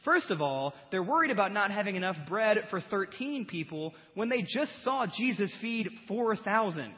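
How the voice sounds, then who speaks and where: A man preaching a Bible teaching sermon, conversational and animated, full of rhetorical questions and humor. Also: high-pitched, moderate pace. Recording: dull recording with long hall reverb.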